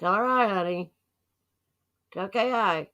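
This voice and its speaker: A woman's voice: medium pitch, a little slow, bright, forceful tone. A woman hosting a casual livestream from her home, chatting in a folksy way and laughing easily. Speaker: livestream host. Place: at home, indoors.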